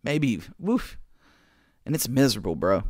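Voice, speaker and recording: A man hosting a podcast, telling stories in an excitable, slangy way, full of dude and bro. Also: medium pitch, measured pace, no room sound, clean studio sound. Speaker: podcast host. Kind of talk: casual storytelling.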